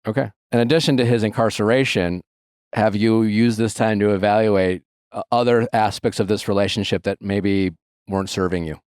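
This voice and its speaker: A man hosting an advice podcast, asking a caller calm, probing questions. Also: fairly low pitch, normal speed, clear, resonant tone, dry recording, studio quality. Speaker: podcast host. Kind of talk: advice call-in chat.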